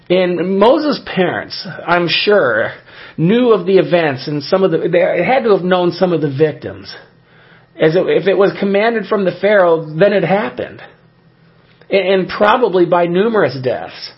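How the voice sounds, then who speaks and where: A man with a slightly high, husky voice preaches a sermon in a loose, conversational way, stumbling over fillers and restarting sentences as he goes. The recording sounds dull and lo-fi. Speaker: pastor.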